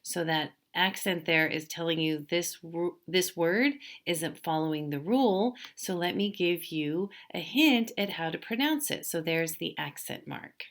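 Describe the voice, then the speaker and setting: A woman teaching a language lesson, explaining patiently step by step and slowly drawing out example words. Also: fairly low pitch. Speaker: Spanish teacher.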